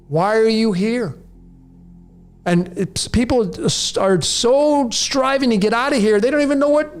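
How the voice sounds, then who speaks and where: A man in his late forties hosting a podcast, delivering a raw, preachy rant straight to his listeners. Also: high voice. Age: 40s. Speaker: podcast host. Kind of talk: monologue to listeners.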